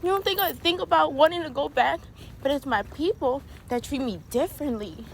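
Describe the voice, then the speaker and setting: A woman's voice: high-pitched, lively intonation, fairly quick, gravelly, a little hiss or hum, poor audio. A young woman from Latin America in a frank, heated personal vlog, swearing often and close to tears. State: near tears. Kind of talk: emotional personal vlog rant.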